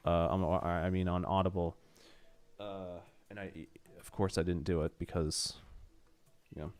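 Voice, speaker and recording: A man's voice: low voice, steady tone, normal speed, a little mellow. A young man streaming a game, rambling and swearing with mock exasperation, nose running from allergies. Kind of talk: casual game stream chatter.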